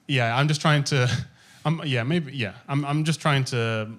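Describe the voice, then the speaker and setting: A man in his thirties from Malaysia, a podcast guest who talks in an animated, amused way and laughs through his stories. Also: medium pitch, measured pace. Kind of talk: casual conversation.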